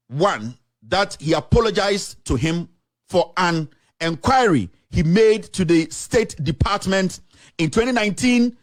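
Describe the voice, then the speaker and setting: A man's voice: sits high, no room sound. A man with a Ghanaian accent, a journalist reading out official statements with emphatic commentary. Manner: emphatic, reads statements aloud, slips into local language. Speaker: journalist presenting documents. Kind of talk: animated commentary to camera.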